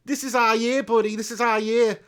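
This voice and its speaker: A man's voice: extremely high pitch, fairly bright tone, smooth, voice pushed up. A man voicing a brash, swearing male Liverpool football fan in a put-on Scouse accent, calling everyone mate. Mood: boastful.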